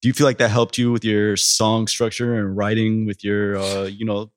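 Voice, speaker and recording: A man's voice: on the low side, little pitch movement, normal speed, no room sound, studio quality. Hesitant male co-host asking questions. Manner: hesitant, many fillers. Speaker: podcast co-host. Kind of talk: interview questions. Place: podcast studio.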